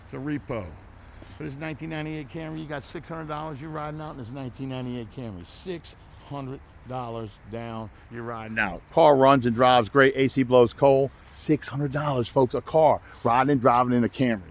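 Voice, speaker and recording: A man, running a folksy, loud, hard-selling walkthrough of his used car lot outdoors. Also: medium pitch, fairly even intonation, fairly quick, creaky. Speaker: used car dealership owner.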